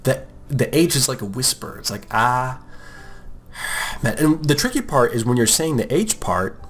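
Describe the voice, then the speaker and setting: In this clip, a young man from the U.S. who hosts an art podcast draws while chatting about art and his name. He rambles, jokes, and often acts out others' voices. His pitch is medium and a bit bright, with a sing-song lilt at normal speed.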